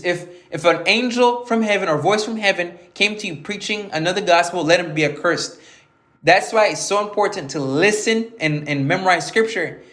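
Male preacher, high-pitched, conversational verse-by-verse teaching, roomy echo. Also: fairly bright tone. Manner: conversational, repeats words, reads scripture aloud and explains it. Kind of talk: informal Bible teaching.

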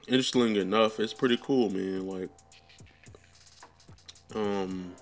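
A young man with a somewhat low voice talks loosely on his podcast, drifting from thought to thought with plenty of ums and casual swearing. Soft music plays faintly in the background. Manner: rambling, loose and profane, full of fillers. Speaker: podcast host. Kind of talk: casual chat.

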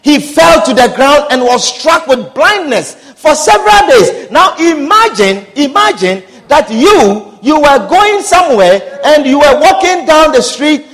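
A man's voice: extremely high pitch, sing-song, a little slow, few pauses, a bit bright. A man preaching a sermon with passion, repeating phrases and calling out hallelujah and amen. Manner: impassioned, repetitive, calls out hallelujah and amen.

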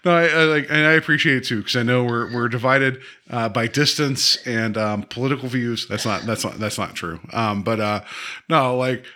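A man's voice: mid-range voice, moderate pace, bright, forceful tone. A man co-hosting a podcast in casual chat, joking and laughing often, with many fillers. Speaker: podcast co-host.

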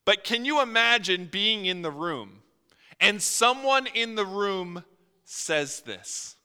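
Male preacher, high and very bright voice, smooth and resonant, earnest sermon delivery with rises and drops, reverberant church hall. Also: expressive, slow pace. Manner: earnest, voice swells and drops for emphasis.

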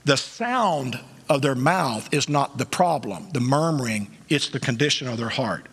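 A male pastor preaching a sermon, with emphatic delivery that swings between quiet asides and loud peaks, recorded in a church. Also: medium pitch, expressive, unhurried, breathy edge. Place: church sanctuary. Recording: long church hall reverb.

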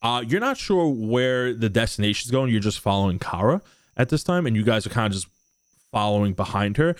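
Relaxed game master narrating. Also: male voice, lowish voice, brisk, no room sound, clean studio sound. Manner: relaxed, rambling description with many fillers.

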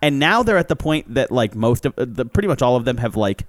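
A young man chatting casually on a podcast, rambling through childhood stories with quick laughs. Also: mid-range voice, very animated, dry recording. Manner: rambling storytelling with acted quotes and laughs. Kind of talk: casual chat.

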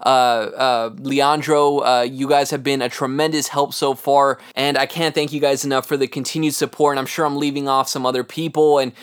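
A man's voice: mid-range voice, flat delivery, normal speed, hardly any pauses, clean tone. A man hosting a solo sports podcast, giving an earnest, analytical game preview and talking to his listeners as guys. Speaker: podcast host.

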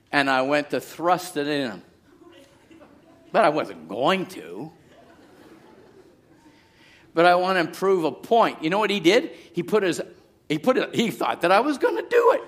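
A middle-aged pastor preaching a sermon, moving from quiet storytelling to shouted exhortation. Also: male voice, fairly high pitch, gravelly.

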